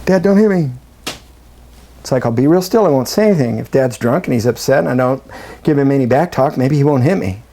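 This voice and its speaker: A middle-aged man giving a live workshop talk to a group, animated and joking, often acting out the voices of the people he quotes. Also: medium pitch, quick pace, creaky. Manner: animated, acts out quoted voices, jokey asides. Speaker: breathwork workshop presenter.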